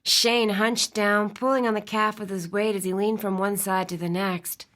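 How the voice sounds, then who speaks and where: A woman's voice: medium pitch, fairly even intonation, moderate pace, fairly bright tone. Woman narrating a romance audiobook. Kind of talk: scripted narration.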